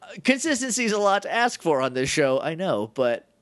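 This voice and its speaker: A man co-hosting a casual podcast, recapping a TV episode with lots of laughter and quick acted-out asides. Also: on the high side, no room sound. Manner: excitable, laughs often, acts out lines in quick asides. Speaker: podcast co-host.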